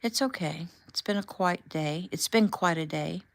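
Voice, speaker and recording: A woman reading the lines of a tender, reassuring husband in a gentle, soothing way. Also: lowish voice, normal speed, gravelly, no echo.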